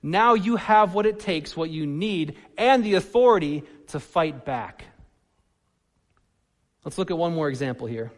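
A man delivers a sermon in a church hall, his voice sitting high for a man. He swings between loud, animated emphasis and soft, quiet asides. A long reverb trails his words. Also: a little slow. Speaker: pastor.

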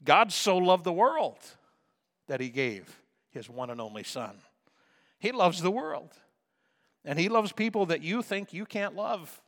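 A man preaching a sermon as a pastor, swinging from soft asides to loud emphatic calls. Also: sits high, expressive, a little slow, pauses often, long reverb tail.

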